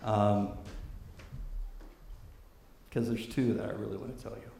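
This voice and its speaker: A man's voice: lowish voice, level tone, unhurried, vocal fry, mellow, reverberant, a little hiss or hum. A man from California preaching a sermon and telling a story in a loose, conversational way, with frequent fillers.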